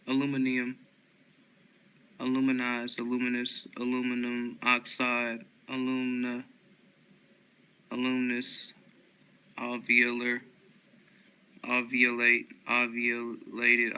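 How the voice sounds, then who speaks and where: A man reading a long list of dictionary words aloud one by one, steady and unhurried, with small slips and corrections. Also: mid-range voice, clean tone, poor audio.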